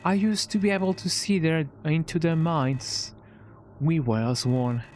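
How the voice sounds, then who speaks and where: A man gives a live reading of game dialogue, voicing a lonely android cut off from its kind in a put-on British accent. His theatrical delivery is mock-dramatic, higher, and forlorn. He sounds animated and a little mellow at a measured pace, with slight background noise.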